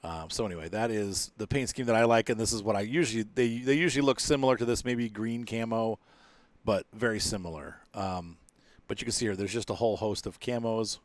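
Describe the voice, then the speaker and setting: A man's voice: lowish voice, a little fast, dry recording. A man giving casual commentary as he reviews an airplane in a flight simulator, rambling with many fillers and restarts.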